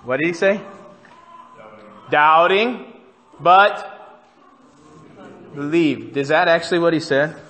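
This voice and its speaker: A man's voice: a little high, slow, pauses often, a bit bright, slight background noise. A man pastor preaching a sermon in a church, conversational and often putting questions to the congregation. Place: church sanctuary. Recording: church hall reverb.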